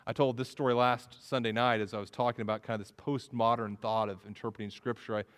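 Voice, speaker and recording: A man's voice: mid-range voice, flat delivery, quick pace. A man preaching a sermon as pastor, often restarting phrases and repeating words. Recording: reverberant hall.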